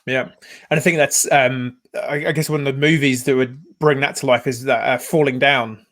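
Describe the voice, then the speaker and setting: A male podcast host with a medium-pitched voice tells stories in an animated, rambling way. He often restarts his sentences mid-thought. The conversation stays casual throughout. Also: moderate pace.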